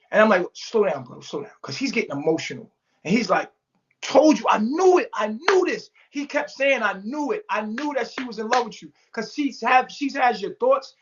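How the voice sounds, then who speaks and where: Over a remote call mic with the highs cut off, a male storyteller guest recounts something in casual conversation. His voice sits high and sounds fairly bright, leaping around as he performs each quote, and he curses without holding back.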